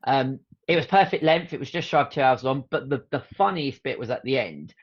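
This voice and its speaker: A man's voice: mid-range voice, a little fast, muffled recording. A man, hosting a podcast and chatting casually, telling stories with laughs and the odd swear word. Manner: animated, laughing storyteller who swears casually. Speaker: podcast host. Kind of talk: casual chat.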